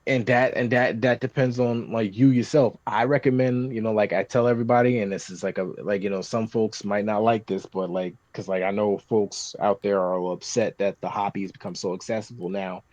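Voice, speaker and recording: A man chatting casually on a podcast, rambling with many restarts and getting animated when describing scenes. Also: lowish voice, a little fast, few pauses, no room sound. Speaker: podcast guest talking tabletop games. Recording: dry, slightly muffled podcast recording.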